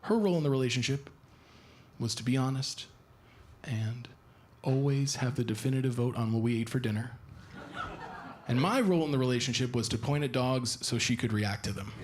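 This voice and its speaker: A man's voice: medium pitch, brisk. A young man doing a stand-up set on a small club stage, with chatty, self-deprecating storytelling into a handheld mic. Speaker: stand-up comedian. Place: small comedy club stage, live audience. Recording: live club recording with audience noise.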